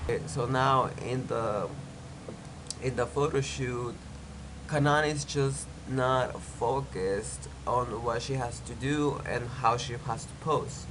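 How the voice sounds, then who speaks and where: A man's voice: mid-range voice, a little slow, background noise. A young man with a stuffy nose from a cold, recapping a reality show in a chatty, opinionated way, with lots of "like". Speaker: TV recap vlogger.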